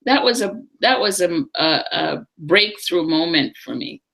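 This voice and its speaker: A middle-aged woman co-hosting a live psychic talk show, telling personal stories in a lively, animated way. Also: fairly low pitch, unhurried, creaky. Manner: storytelling, animated, acts out voices in anecdotes. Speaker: psychic co-host. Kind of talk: casual chat on a live show.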